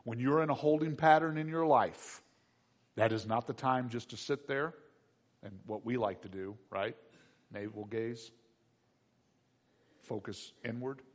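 A man's voice: medium pitch, measured pace, long pauses. A male pastor preaching a sermon in a conversational way, with rhetorical questions and humor, in a church sanctuary. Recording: echoey hall reverb.

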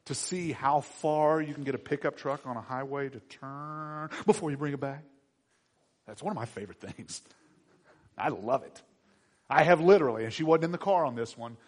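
A middle-aged man preaching a sermon, moving from quiet asides to loud, emphatic exhortation. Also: mid-range voice, big-room sound. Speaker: pastor.

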